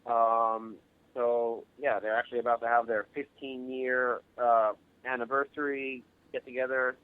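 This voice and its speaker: A man from Long Island, New York, a guest actor and director, talking modestly and haltingly in a casual radio interview, stumbling over restarts. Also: mid-range voice, flat delivery, clean tone. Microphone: phone line. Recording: dry, tinny phone line.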